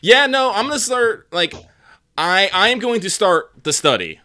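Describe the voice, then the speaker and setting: A man chatting casually as a player at a tabletop game, excitable and stammering. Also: high voice, moderate pace.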